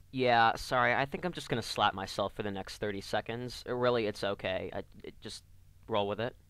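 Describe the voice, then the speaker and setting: A man's voice: medium pitch, fairly bright tone, clean tone, no room sound. Sarcastic man ranting a comedy review. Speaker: online cartoon reviewer. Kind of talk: scripted comedic review rant.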